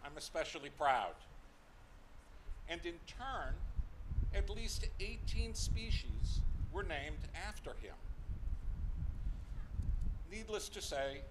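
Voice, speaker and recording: A man giving measured, formal prepared remarks at an outdoor ceremony. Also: a little high, very animated, noisy background. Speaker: herpetologist speaking at a ceremony. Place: outdoor street-corner ceremony.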